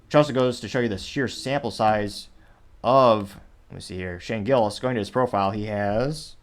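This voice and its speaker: A man's voice: medium pitch, normal speed. A man hosting a news commentary show, rambling and correcting himself with wry asides. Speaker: show host.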